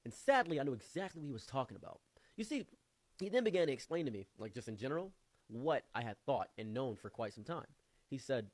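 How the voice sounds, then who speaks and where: A young man from Africa with a Midwestern American accent, telling an animated story to camera. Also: fast talker, no room sound. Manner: animated, jumping high when acting out surprise. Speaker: vlogger.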